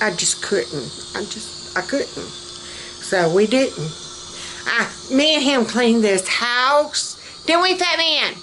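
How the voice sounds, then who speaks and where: A woman's voice: fairly high pitch, background noise. A middle-aged woman with a Southern American accent, chatting folksy and cheerfully through a home cooking vlog in her kitchen, laughing often. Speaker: vlogger. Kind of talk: casual cooking vlog chat.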